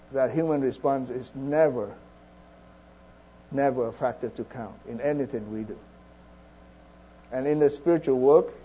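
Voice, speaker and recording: A man preaching a sermon in an earnest, halting way, with frequent restarts and fillers. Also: fairly high pitch, dark tone, lo-fi sound.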